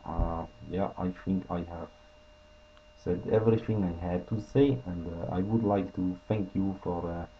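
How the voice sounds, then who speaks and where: Low-voiced man with a Russian accent. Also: fairly even intonation, measured pace, dull audio, a little hiss or hum. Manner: hesitant, frequent filler sounds. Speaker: inventor presenting a prototype. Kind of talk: casual product demo.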